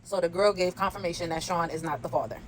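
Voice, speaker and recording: A woman's voice: on the low side, fast talker, a little hiss or hum, poor audio. A woman hosting a casual reality TV recap, chatty and laughing as she retells cast members' lines.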